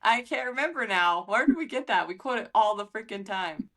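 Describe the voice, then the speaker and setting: Bright-voiced woman chatting and laughing. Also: mid-range voice, expressive, brisk. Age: adult, married. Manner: laughs often, acts out quotes. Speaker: podcast co-host. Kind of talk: casual chat.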